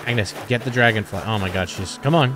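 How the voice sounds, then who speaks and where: A young man giving excitable, cursing let's-play commentary while thinking aloud. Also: fairly low pitch, fairly quick. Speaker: gaming channel host. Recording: game music behind.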